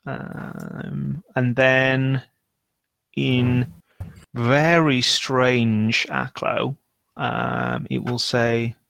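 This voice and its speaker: Slow gravelly game-master man. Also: medium pitch, little pitch movement, fairly bright tone, no room sound. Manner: unhurried, searching for words. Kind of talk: narrating a tabletop game.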